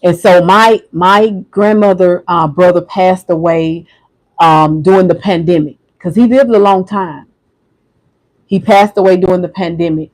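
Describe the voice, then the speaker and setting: Soft-spoken halting man with high voice. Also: steady tone, low-quality recording. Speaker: livestream host. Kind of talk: emotional livestream monologue.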